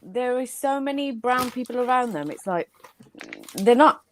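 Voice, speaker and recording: A woman's voice: fairly high pitch, expressive, normal speed, noisy background. A woman with a Black Country accent, bantering and swearing on a casual live stream. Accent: Black Country English. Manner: teasing, swears, defends her vowels.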